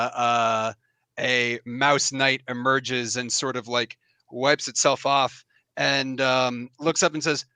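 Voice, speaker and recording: A man narrating a tabletop game as game master on a live stream, in a halting way with many fillers and restarts. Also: mid-range voice, sharp tone, clean tone, no room sound. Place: home setup for a live stream.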